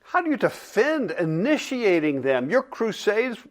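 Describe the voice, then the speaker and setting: Bitter, mocking accuser, read by a man, lively and high-pitched, sarcastic. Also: measured pace. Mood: accusing. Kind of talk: dramatic reading of a dialogue.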